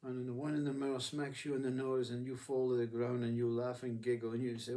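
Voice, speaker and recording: A man's voice: mid-range voice, level tone, quick pace, warm tone, recorded from a distance. A man giving a reflective spiritual talk who acts out inner voices as he speaks. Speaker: spiritual teacher.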